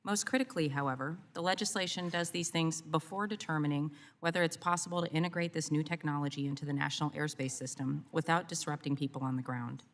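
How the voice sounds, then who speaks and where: A woman committee member reading prepared remarks in a measured, formal way. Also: low voice, fairly even intonation. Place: large hearing room. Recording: long reverb of a hearing room.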